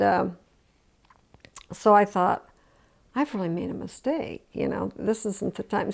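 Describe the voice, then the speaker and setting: A woman's voice: mid-range voice, creaky, darkish tone. An older woman in an oral history interview, telling her story with emotion, restarting often and acting out the voices she quotes. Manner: emotional retelling with many restarts.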